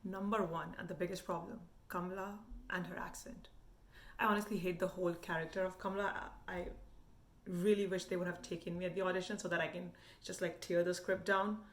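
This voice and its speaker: A young woman with a light Indian English accent talks in a slightly low voice, candid and animated. She reviews a show in casual vlog style, leaning on "like" as she thinks aloud. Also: a little fast. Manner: animated and frank, with frequent "like" fillers.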